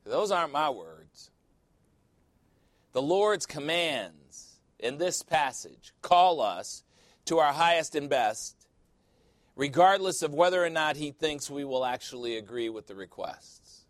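Pastor guy preaching, kinda high voice, animated, dry close sound. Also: takes it slowly, dry recording. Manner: animated storytelling, quotes people in voices, laughs often. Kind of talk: sermon.

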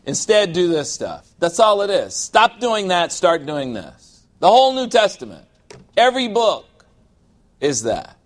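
A man preaching to a congregation with a slightly higher voice than most men. His delivery is conversational and lively, and he stops to ask the room for an amen. He drops into short impressions of people without leaving the sermon. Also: a little slow. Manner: conversational preaching, mimics whiny believers, asks for amens. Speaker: pastor.

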